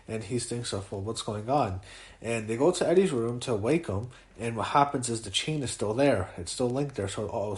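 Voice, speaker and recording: A young man giving a casual spoken review, halting and full of fillers and restarts, audibly moved by what he describes. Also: medium pitch, darkish tone.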